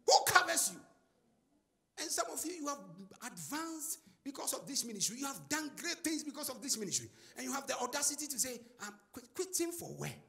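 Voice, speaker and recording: A male preacher with a high, sharply bright voice and a gravelly edge, preaching in call-and-response style. He swings his pitch widely, shouting and chanting phrases at the congregation while faint music plays beneath. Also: very animated, fairly quick. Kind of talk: sermon.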